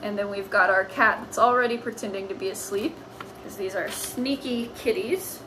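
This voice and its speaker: A woman's voice: medium pitch, normal speed, pushed and bright, a little hiss or hum, rough recording. A woman teaching a lesson on writing comics, explaining patiently as if to children.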